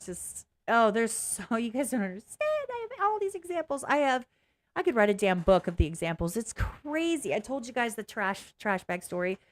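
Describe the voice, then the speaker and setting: A woman talks straight to her viewers in a loose, rambling vlog, frank and unfiltered, with the odd curse word. Her voice sits a little on the high side. She often breaks off and restarts mid-thought. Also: very animated, moderate pace. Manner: blunt, candid, swearing. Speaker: vlogger. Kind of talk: casual reaction vlog.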